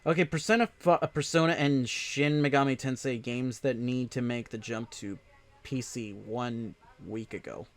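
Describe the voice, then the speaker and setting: A man's voice: mid-range voice, normal speed. A man hosting a casual podcast chat, rambling with frequent laughs.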